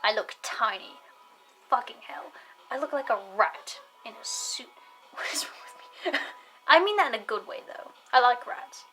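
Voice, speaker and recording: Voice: medium pitch, animated, measured pace, pushed and bright, whispered, soft background music, rough recording. A young adult vlogger chatting casually to camera, rambling off on tangents with frequent laughter and casual swearing.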